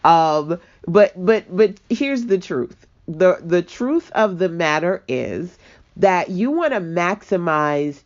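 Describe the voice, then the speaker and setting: A woman coaching entrepreneurs in a casual online talk, animated and self-mocking, speaking straight to her viewers. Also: on the low side, no room sound, lo-fi sound. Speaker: business coach. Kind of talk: casual webinar teaching.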